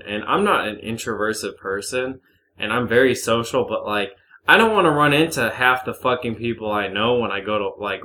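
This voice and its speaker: A young man chatting on a podcast with a bright, forward tone. He swears freely and laughs often, telling his stories with plenty of energy. He comes from the north. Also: lowish voice. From northern United States. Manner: swears a lot, laughs often, animated storytelling. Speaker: podcast co-host. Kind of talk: casual chat.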